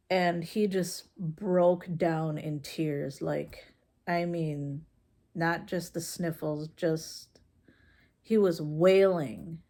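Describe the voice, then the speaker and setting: Mom vlogger, low gravelly voice, unhurried, halting, frank storyteller. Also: female voice, fairly even intonation, warm tone. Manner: slow, halting, with many fillers and restarts; frank and conversational. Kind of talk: casual personal storytelling.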